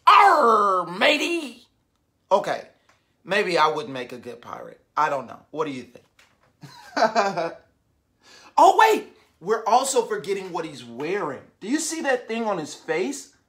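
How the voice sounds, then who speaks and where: A woman reading a picture book aloud to young children, animated and constantly asking the listeners questions. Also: deep voice, moderate pace.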